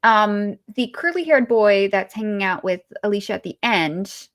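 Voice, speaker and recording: A woman's voice: medium pitch, expressive, normal speed. A woman co-hosting a podcast, chatting casually about a movie, rambling with fillers and restarts. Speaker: podcast co-host.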